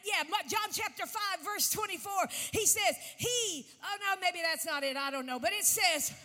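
A woman pastor preaching a fervent sermon, shouting and drawing out key phrases, recorded in a church sanctuary. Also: very high-pitched. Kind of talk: impassioned sermon. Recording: long church reverb.

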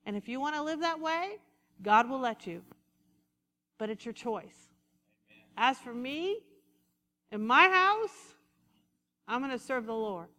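Woman preacher, lively and conversational; high voice in a reverberant hall. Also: slow, long pauses. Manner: animated, conversational preaching with acted-out asides. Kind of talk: sermon.

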